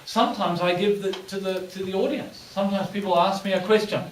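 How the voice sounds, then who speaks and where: A man's voice: high-pitched, fairly even intonation, fast, a little hiss or hum. A male lecturer giving a classroom lecture with a patient, plain instructive delivery. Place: lecture room. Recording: echoey room from far off.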